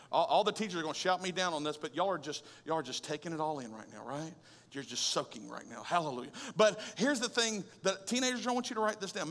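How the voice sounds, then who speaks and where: A man preaching a sermon as pastor, conversational and animated, with rhetorical questions and humor. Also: high voice. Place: large church auditorium. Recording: long hall reverb.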